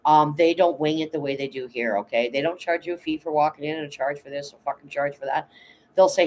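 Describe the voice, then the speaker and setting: A woman's voice: low-pitched, fairly even intonation, a little fast, darkish tone, slight background noise, low-quality recording. A middle-aged Canadian woman chatting bluntly and emotionally on a livestream, swearing often and greeting viewers by name. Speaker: livestream host. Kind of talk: casual livestream chat.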